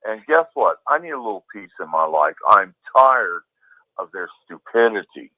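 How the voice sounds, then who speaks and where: A man's voice: fairly low pitch, big pitch swings, normal speed, no room sound. A male caller ranting in an emphatic, heated way and swearing now and then. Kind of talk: call-in ranting. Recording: tinny phone line.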